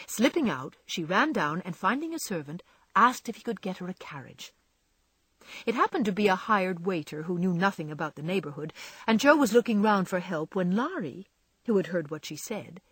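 A woman reads an old-fashioned novel aloud, her storytelling pitch rising and falling freely. Her voice sits a little low with a soft, husky grain. The recording is dry and close. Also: dry recording. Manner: expressive storytelling. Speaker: audiobook narrator. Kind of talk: scripted narration of a classic novel.

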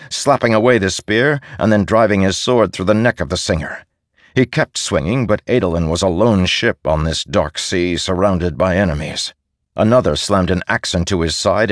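A man giving measured, steady scripted narration as an audiobook narrator. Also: sits low, no echo. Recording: dry close studio sound.

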